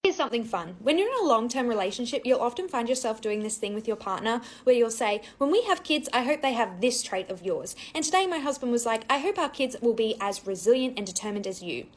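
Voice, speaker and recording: A woman's voice: a little high, lively intonation, fast, few pauses. A young married woman telling a childhood story in a wry, matter-of-fact way. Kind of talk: casual storytime.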